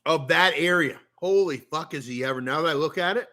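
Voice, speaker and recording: A streamer with a Canadian accent rambles through a long story in a casual rant, swearing a lot and speaking with plenty of animation. His voice is fairly high and sharp, and he talks fairly quickly.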